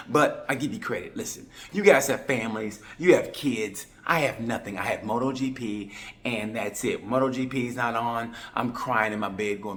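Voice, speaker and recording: A man from Oklahoma with an Oklahoma accent, giving a rambling, jokey race review with sudden loud bursts. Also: medium pitch, a little fast. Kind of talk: comedic sports commentary.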